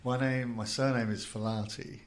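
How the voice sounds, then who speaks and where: A man talking in a casual group conversation, relaxed and laughing easily, with plenty of loose fillers. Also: fairly low pitch, normal speed. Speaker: discussion participant.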